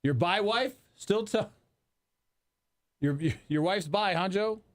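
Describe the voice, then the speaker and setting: A man's voice: high-pitched, slow pace. A man in his forties in loose, profane, rambling chat on a radio talk show. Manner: profane, rambling banter with restarts. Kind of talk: casual chat.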